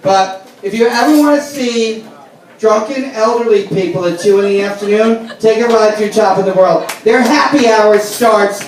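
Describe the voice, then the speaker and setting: Loud brash New comedian. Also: male voice, high-pitched, moderate pace. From the Bronx, New York. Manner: loud, brash, animated storytelling to a crowd. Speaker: stand-up comedian. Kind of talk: stand-up comedy set. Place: brewery stage with a live audience. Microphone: handheld microphone. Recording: echoey room recorded from far off.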